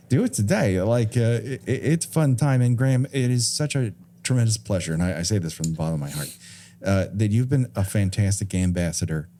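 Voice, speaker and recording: Man, podcast host, low voice, mellow tone, announcing a list. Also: animated, moderate pace, slight background noise. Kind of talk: podcast wrap-up and list rundown.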